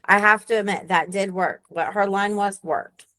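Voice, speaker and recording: A woman's voice: medium pitch, fairly even intonation, moderate pace, bright, forceful tone. A woman working as a real estate agent, chatting on a group call and telling how a line worked with a client. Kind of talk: sharing a story on a group call.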